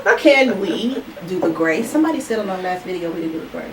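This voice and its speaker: Lively woman chatting in a roomy space. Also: medium pitch, fast talker. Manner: lively, colloquial, laughs often. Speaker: mukbang host. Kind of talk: casual chat while eating. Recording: roomy, distant mic with loud background noise.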